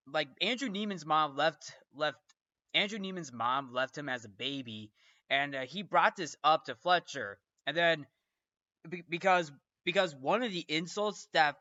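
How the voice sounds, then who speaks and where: A man hosts a casual film breakdown in a bright, clear voice. He rambles, repeats himself and restarts his sentences often. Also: a little high, lo-fi sound. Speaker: film review host.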